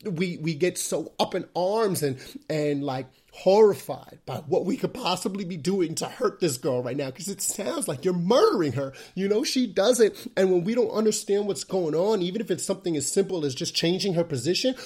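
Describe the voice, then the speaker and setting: A man hosts his own podcast in a relaxed, conversational way. He speaks with lively energy and a slightly raised pitch. His talk is loose and chatty, full of fillers and quick restarts. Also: slightly rough. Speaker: podcast host. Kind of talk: casual solo podcast talk.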